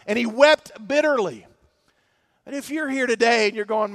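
A man delivers a sermon to his congregation in a noticeably high voice. He swings from loud emphasis down to hushed passages. The sound is close and dry, with no room echo. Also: moderate pace. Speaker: pastor. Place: church.

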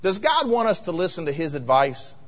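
Animated high-voiced preacher in a hall. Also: male voice, a little fast. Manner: animated preaching, acts out voices, rises to loud emphatic peaks. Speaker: pastor. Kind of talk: sermon. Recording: long hall reverb.

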